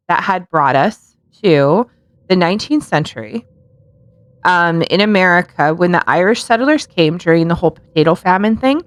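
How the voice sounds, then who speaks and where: A woman's voice: mid-range voice, dry recording. A woman co-hosting a casual podcast, joking and laughing often and swearing freely. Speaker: podcast co-host.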